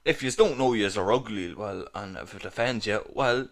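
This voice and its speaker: A man's voice: fairly low pitch, moderate pace. An Irish man co-hosting a podcast, swearing and teasing in casual banter. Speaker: podcast co-host.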